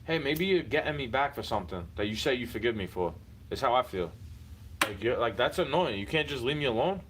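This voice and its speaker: A man's voice: medium pitch, lively intonation, a little fast, fairly bright tone, slight background noise, low-quality recording. A man venting in a heated, repetitive personal rant, speaking straight at someone he is fed up with and swearing often. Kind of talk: frustrated personal rant to camera.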